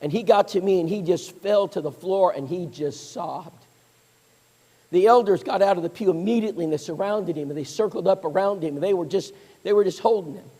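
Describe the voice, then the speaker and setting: High-voiced preacher, animated storyteller. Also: male voice, a little fast. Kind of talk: storytelling sermon. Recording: long hall reverb.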